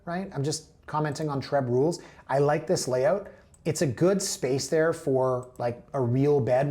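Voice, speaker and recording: A man's voice: mid-range voice, warm tone. A man hosting a real estate show, chatting casually through listings and drifting into playful tangents.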